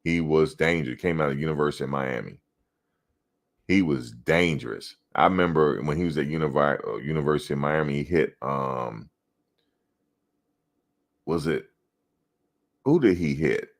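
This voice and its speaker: Male, very deep voice, relaxed profane storyteller in a sports chat. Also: moderate pace, creaky, pauses often. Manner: loose, profane storytelling with laughter. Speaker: podcast co-host.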